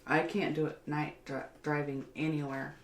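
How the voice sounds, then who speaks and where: A woman's voice: low-pitched, little pitch movement, moderate pace. A woman co-hosting a casual podcast chat, talkative and blunt, swearing casually and laughing often. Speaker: podcast co-host. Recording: echoey room, faint background hiss.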